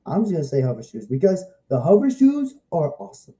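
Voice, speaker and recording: A young man vlogging a casual, excitable review, rambling and repeating himself. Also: a little high, fast talker.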